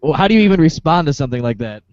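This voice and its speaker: A man's voice: a little high, big pitch swings, very fast, a little mellow, clear, resonant tone, no echo, highs cut off. A man co-hosting a podcast, laughing along and asking follow-up questions. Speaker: podcast co-host. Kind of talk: casual chat.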